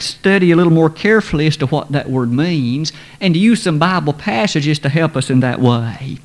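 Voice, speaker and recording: A man preaching a sermon, speaking in a measured, formal way and slowing down to stress quoted scripture. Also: high voice. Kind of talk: sermon lesson.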